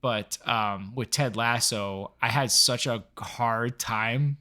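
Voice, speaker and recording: A man's voice: mid-range voice, slow pace, bright, forceful tone. A man co-hosting a film review podcast, talking enthusiastically and rambling with laughs. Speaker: podcast co-host. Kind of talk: casual film review chat.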